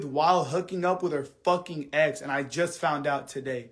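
Venting angrily to his livestream audience, a man swears heavily and keeps repeating himself. His voice is a little high and his pace moderate, and he drops into quiet, subdued stretches before heating up into outbursts again.

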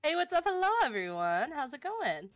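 Lively, upbeat woman gaming guest. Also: high voice, fairly quick, faint music behind. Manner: upbeat, enthusiastic, chatty. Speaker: co-op guest player. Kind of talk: casual co-op gameplay chat.

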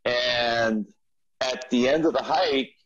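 A man who is a podcast guest, telling a personal story in a relaxed interview with frequent restarts and repeats. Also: mid-range voice, slow pace, dull audio, faint music behind. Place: studio.

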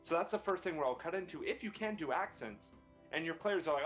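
A man's voice: fairly high pitch, expressive, fast, fairly bright tone, faint music behind. A male voice actor on a panel, giving earnest advice and explaining his points with rhetorical questions.

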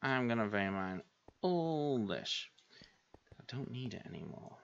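A man narrates his own gameplay, talking to himself and berating his own mistakes in exasperated bursts. His delivery is unhurried, with a pitch that leaps up and down. The recording sounds dull and lo-fi. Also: very animated, creaky, noisy background. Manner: talks to himself, scolds himself in exasperated outbursts. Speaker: gaming video host. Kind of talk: let's play commentary.

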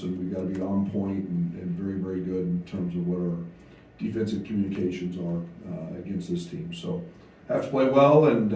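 Speaking at a press conference as a head basketball coach, this man has a low, very dark voice and halts frequently, using fillers and starting over. He seems far from the microphone, in a very echoey room with a faint hiss.

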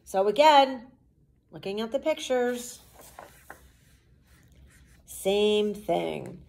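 A female teacher reads a storybook aloud to children at an unhurried pace, pausing often to patiently explain what is happening. Her voice is medium-pitched, animated, and somewhat dark in tone.

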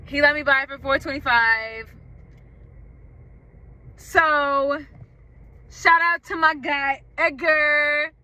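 A woman's voice: high voice, steady tone, takes it slowly, long pauses, pushed and bright, dry recording. A young woman vlogging casually to her viewers, blunt and slangy, swearing heavily as she vents. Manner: blunt, heavy swearing, venting; loose slangy chat to viewers. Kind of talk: casual unboxing vlog to camera.

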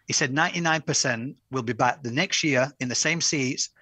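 A man's voice: mid-range voice, brisk, pushed and bright, slightly rough, dry recording. A middle-aged man, a podcast guest, telling his story in an enthusiastic, rambling way. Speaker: podcast guest, campaign founder. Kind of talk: casual interview chat.

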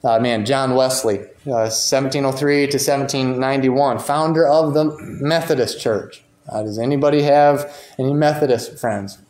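A man's voice: medium pitch, steady tone, normal speed, few pauses, darkish tone. A man teaching a church Bible class in a conversational way, reading quotations aloud and commenting on them. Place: church meeting room. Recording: roomy echo.

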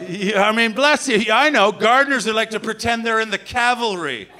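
A man's voice: high-pitched, normal speed, sharp tone. A man from Canada doing a rambling, sweary, self-mocking live stand-up set on a comedy club stage, recorded on a handheld mic.

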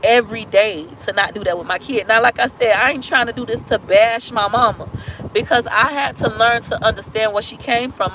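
A woman vlogger pours out a personal story to her live viewers in a blunt, confessional way, swearing as she goes. Her voice is high and bright. A faint background noise runs under the talk. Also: low-quality recording. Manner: blunt and emotional, casual slang and cursing; talks fast in bursts, slows down on hurtful points.

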